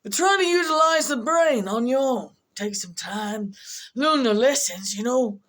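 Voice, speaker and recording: A woman's voice: fairly high pitch, lively intonation, a little slow, fairly bright tone. A woman vlogger rambling through casual commentary, repeating herself and muttering asides as she goes.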